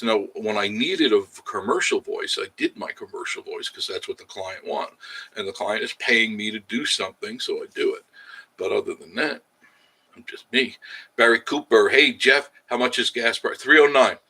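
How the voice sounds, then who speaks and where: A man chatting casually on a livestream, reading viewer comments out loud and answering them as he goes. His voice is bright and forward, and his talk rambles along in a frank, easygoing way. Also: on the low side, slightly rough, poor audio. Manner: rambling, chatty and candid, with frequent laughs. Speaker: livestream host.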